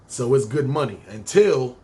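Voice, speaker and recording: A man from Harlem, New York, hosts a podcast, his mid-range voice animated and dark in tone at a moderate pace. With a New York accent, he shares a life story in loose, profane street slang.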